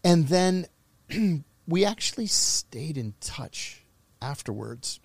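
A man's voice: a little high, takes it slowly, no echo. A middle-aged man telling a story in casual conversation, acting out the voices of the people he quotes. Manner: animated, acts out quoted voices. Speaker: podcast guest.

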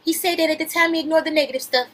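On her podcast, a young adult woman reads out celebrity news, then riffs animatedly with slang, laughter, and frequent "wait a minute" interruptions of her own. Her very high-pitched, slightly bright voice races along very fast with fairly even intonation, and the audio is poor.

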